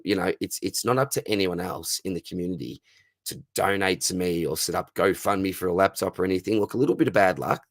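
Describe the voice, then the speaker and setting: A man in his thirties with an Australian accent, hosting a casual live Q&A, chatty and friendly, his voice going a bit hoarse. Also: deep voice, no room sound. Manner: friendly, says "mate" constantly. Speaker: fantasy football livestream host. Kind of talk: casual live Q&A, reading chat questions.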